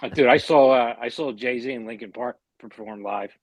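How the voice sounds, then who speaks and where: A man's voice: mid-range voice, moderate pace, no room sound. A man in his forties from the Philadelphia area, talking bluntly and skeptically in casual chat, swearing a lot. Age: 40s.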